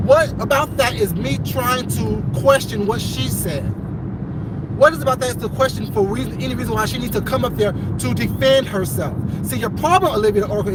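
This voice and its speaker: Woman ranting outdoors over traffic noise. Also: fairly high pitch. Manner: confrontational, profane, swings between measured and loud. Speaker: vlogger. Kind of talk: heated direct-to-camera rant. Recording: noisy outdoor recording with traffic.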